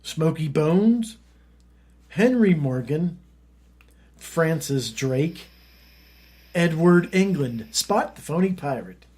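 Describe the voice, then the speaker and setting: Husky, slow-talking man hosting a quiz. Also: on the high side, lively intonation, a little mellow. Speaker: co-host running a quiz game. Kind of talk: casual podcast banter.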